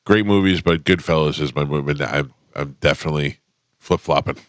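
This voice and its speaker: Morning radio host, middle-aged man, very low voice, chatty storyteller, dry booth mic. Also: fairly quick, no room sound. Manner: storytelling, animated when excited. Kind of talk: casual studio banter. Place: radio studio.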